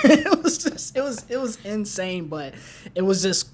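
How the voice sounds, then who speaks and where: An upbeat young man from Ohio chats on a podcast, his voice sitting a little high for a man and breaking easily into laughter. He often restarts his phrases as he tells stories. A faint low rumble hums underneath. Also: lively intonation, normal speed. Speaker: podcast co-host. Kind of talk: casual chat.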